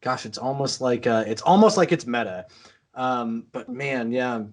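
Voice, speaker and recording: Rambling podcast co-host man. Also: medium pitch. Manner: rambling, halting restarts, quick to laugh. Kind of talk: casual chat.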